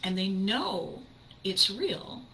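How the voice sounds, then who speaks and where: Older woman, podcast host, enthusiastic, emphatic, crisp bright voice. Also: mid-range voice, very animated, drawn-out words, a little hiss or hum, rough recording. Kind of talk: casual monologue.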